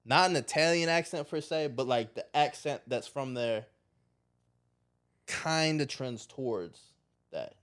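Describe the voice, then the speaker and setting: A man's voice: mid-range voice, measured pace, long pauses, smooth. Blunt Chicago man, casual chat. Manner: blunt, profane, animated. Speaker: podcast host.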